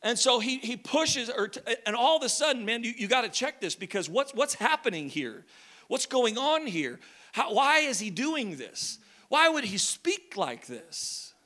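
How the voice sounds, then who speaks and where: A man preaching a lively sermon, telling a story with jokes and shouting at times. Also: extremely high pitch, measured pace.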